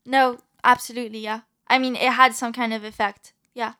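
A woman's voice: a little high, flat delivery, brisk, bright, forceful tone. A woman with an odd French-American accent, chatting as a guest and giggling easily. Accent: slightly odd French-American mix. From France. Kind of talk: casual chat.

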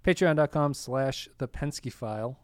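A man's voice: mid-range voice, moderate pace, no room sound, clean studio sound. A man co-hosting a podcast, chatting casually and reading out a long list of supporter names. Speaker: podcast co-host. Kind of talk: casual chat.

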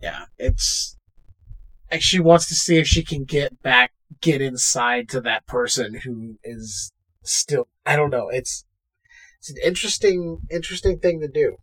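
A man's voice: mid-range voice, measured pace. A man co-hosting a podcast, casually recapping a film and acting out lines from its scenes. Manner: animated retelling, acting out quotes from scenes. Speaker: podcast co-host. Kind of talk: casual movie recap chat.

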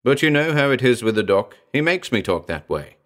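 A man voicing a gruff, educated talking male gorilla with a growling, slangy, wisecracking manner in an audiobook. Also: medium pitch, big pitch swings, a little fast, fairly bright tone, pitched above the performer's own voice. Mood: wry. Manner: slangy, laid-back wisecracking. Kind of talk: audiobook character voice.

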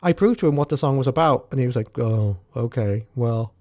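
A man's voice: fairly high pitch, animated, rapid-fire, darkish tone, no room sound. A man co-hosting a podcast in casual chat, blunt and profane, often laughing. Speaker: podcast co-host.

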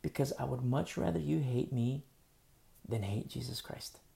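A male preacher with a gravelly, creaky voice delivers an earnest sermon. He shifts between hushed, pleading passages and sudden emphatic bursts. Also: mid-range voice, normal speed.

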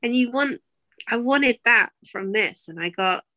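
Woman with a higher voice co-hosting a podcast. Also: lively intonation, a little slow, bright, forceful tone. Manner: easygoing, trailing off and hedging as she talks. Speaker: podcast co-host. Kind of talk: casual chat.

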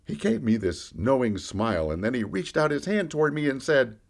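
A man's voice: mid-range voice, moderate pace, vocal fry. A man playing a candid fisherman disciple. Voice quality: lively storyteller, rising and falling with the action. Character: a fisherman disciple, candid, middle-aged man recalling his past. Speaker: podcast storyteller. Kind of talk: first-person character monologue.

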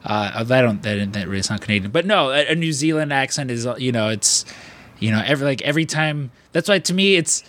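Casual, rambling and enthusiastic, this podcast host is an American man in his thirties from the Chicago area. His medium-pitched voice is animated, fairly quick and fairly bright.

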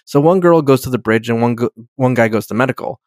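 A man's voice: medium pitch, fast talker, darkish tone, dry recording, studio quality. Rambling, swearing man recapping a show. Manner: rambling, swears often, acts out characters' lines. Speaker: podcast co-host. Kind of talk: casual chat recapping a TV episode.

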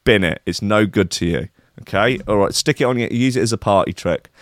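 A man's voice: fairly low pitch, no room sound, studio quality. A man hosting a radio show with cheeky, mocking comic chat. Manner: cheeky, mocking, hurried with asides.

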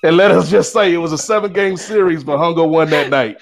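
Male co-host, animated raconteur, fairly high pitch, mimics characters as he tells it. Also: fairly quick, gravelly. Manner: lively, acts out quoted voices with big pitch swings. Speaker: guest co-host. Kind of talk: animated storytelling.

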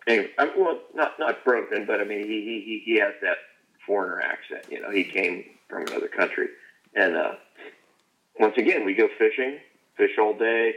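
A man co-hosting a podcast, telling a fishing story in casual chat, halting and restarting sentences. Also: lowish voice, animated, a bit bright, muffled recording. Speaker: podcast co-host.

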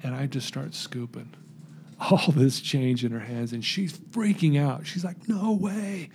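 Man, gravelly, husky, mellow tone, earnest storytelling. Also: medium pitch, unhurried, slight background noise. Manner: earnest, animated storyteller acting out quotes. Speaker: guest telling his recovery story. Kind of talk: personal storytelling interview.

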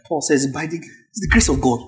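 Animated, high-voiced preacher man. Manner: emphatic, repeats phrases, shouts at peaks. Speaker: pastor. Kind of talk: sermon.

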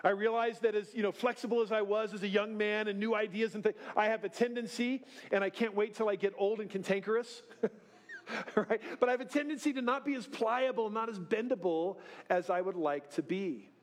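A man's voice: high voice, brisk. A middle-aged man preaching in a church, telling self-deprecating stories in a folksy way and often checking in with "right?". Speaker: pastor. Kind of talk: sermon. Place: church sanctuary.

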